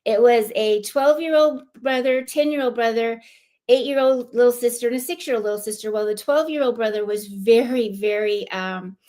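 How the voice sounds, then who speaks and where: A woman from California, a guest on a live-streamed club show, telling a personal story in a heartfelt, animated way. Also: a little high, moderate pace. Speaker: guest, club lieutenant governor.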